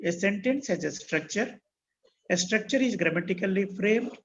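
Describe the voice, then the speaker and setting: Indian English man, online teacher: high gravelly voice, spells out terms, dull lo-fi call line with faint hiss. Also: expressive, normal speed. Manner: spells words out letter by letter, repeats key phrases. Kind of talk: online class lecture.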